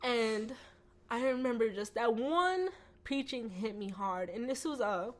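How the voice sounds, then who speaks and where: A woman telling her personal faith testimony as a podcast guest, animated, acting out quoted voices, with lots of "like" and "you know.". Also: a little high, unhurried. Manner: frequent "like" and "you know" fillers.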